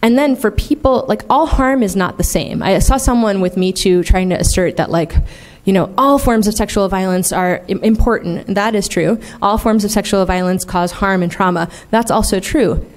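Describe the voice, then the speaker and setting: A woman delivers a conference keynote in an earnest, candid voice at a middle pitch. She presses her points with emphasis and keeps checking in with the audience, her speech dotted with casual fillers. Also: normal speed, few pauses. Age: adult, in the field twenty years. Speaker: conference plenary speaker. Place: conference hall.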